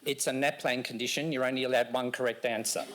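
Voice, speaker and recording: A man giving a lecture on reading to a live audience in a lecture room, teasing and animated as he talks. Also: mid-range voice, quick pace. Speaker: education speaker.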